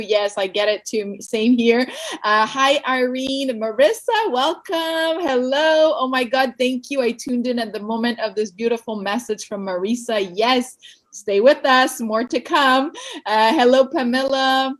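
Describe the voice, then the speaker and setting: A woman's voice: fairly high pitch, steady tone, a little slow, rough recording. A woman hosting a live-stream show, bubbly and effusive, greeting viewers and reading their comments aloud. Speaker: host.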